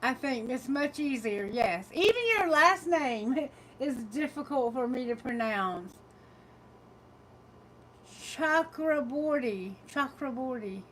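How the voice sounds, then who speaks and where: A woman with a Southern drawl hosts a live tarot stream and chats easily with viewers between frequent laughs. Her voice sits high, her pace is slow and unhurried, and it comes through a phone mic with a faint hiss behind it. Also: expressive, rough recording. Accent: Southern American. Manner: chatty, laughs often, greets viewers warmly. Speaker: tarot reader.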